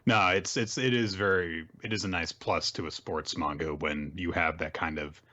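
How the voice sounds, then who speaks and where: A man's voice: low-pitched, fairly even intonation, normal speed, pushed and bright. A man co-hosting a podcast, casually summarizing comic chapters with chatty asides. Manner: chatty summarizing, acted quotes, frequent laughs. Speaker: podcast co-host. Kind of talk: casual chat recapping manga.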